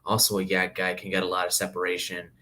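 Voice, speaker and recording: A man's voice: low voice, completely flat delivery, fast talker, sharp tone. A man appearing as a guest on a sports talk show, chatting casually and playfully breaking down football players. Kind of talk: casual chat.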